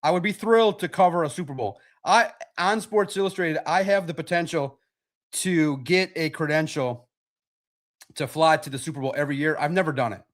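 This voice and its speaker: A middle-aged man hosting a casual sports livestream, answering chat questions in a rambling way and often repeating himself as he thinks out loud. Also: fairly high pitch, moderate pace. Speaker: sports podcast host reading chat questions.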